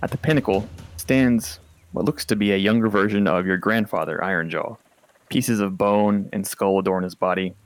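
A man's voice: on the low side, moderate pace. A man narrating a tabletop game as game master, describing scenes vividly with casual fillers.

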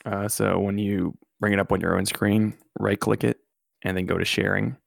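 A man's voice: lowish voice, flat delivery, normal speed, creaky, dry recording, studio quality. A man playing in a tabletop game session, easygoing and helpful with the setup. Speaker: player.

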